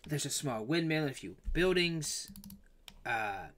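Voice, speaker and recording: A man's voice: on the high side, expressive, measured pace, fairly bright tone. A man voicing a nervous middle-aged jeweler who keeps stumbling over his words. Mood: wary. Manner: hesitant, full of fillers and restarts.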